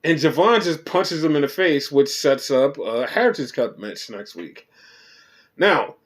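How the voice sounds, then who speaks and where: A man hosting a podcast, recapping wrestling shows in a rambling, profane and animated way. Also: on the high side, unhurried. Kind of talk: casual chat.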